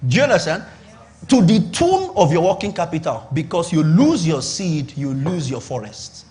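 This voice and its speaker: At normal speed, this Nigerian pastor in middle age delivers a business sermon in a fairly high, dark-toned and very animated voice. Emphatic and repetitive, he regularly checks that his audience agrees.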